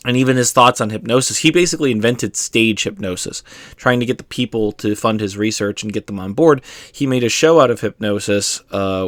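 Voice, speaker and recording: Low-voiced guy rambling through an explainer, lots of ums and the odd swear, dry close sound. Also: dry recording. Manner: rambling, with frequent fillers and casual swearing. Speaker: host explaining hypnosis. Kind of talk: casual explanatory monologue.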